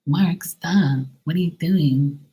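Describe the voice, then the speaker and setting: A man with a low voice imitating an annoying woman neighbor in her thirties, jumping high into a screechy, scolding falsetto. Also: slow pace, mellow, slightly rough. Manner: scolding, exasperated.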